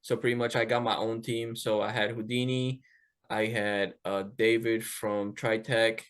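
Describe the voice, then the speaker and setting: A man hosting a podcast, telling a casual story in an animated way, swearing freely and acting out the quotes. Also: fairly low pitch, unhurried, clean tone. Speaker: podcast host.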